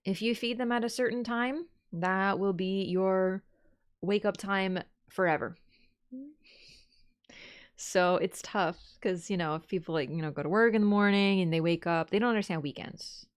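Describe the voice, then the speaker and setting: Woman streamer, casual chat with viewers, slips into cooing pet baby talk, mid pitch. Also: normal speed, clear, resonant tone. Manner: coos and baby-talks to her cat, drifting between soft and bright.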